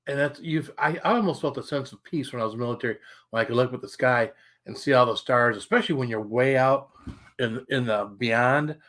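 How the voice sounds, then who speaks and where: A man's voice: medium pitch, brisk, fairly bright tone. A middle-aged man hosting a casual live stream, telling a story in a rambling, chatty way, swearing now and then, and breaking off to greet viewers. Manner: colorful swearing. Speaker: livestream host.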